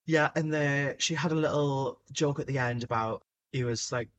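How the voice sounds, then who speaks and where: A man's voice: mid-range voice, normal speed, fairly bright tone. A man co-hosting a podcast in casual chat, blunt and enthusiastic, swearing freely. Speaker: podcast co-host.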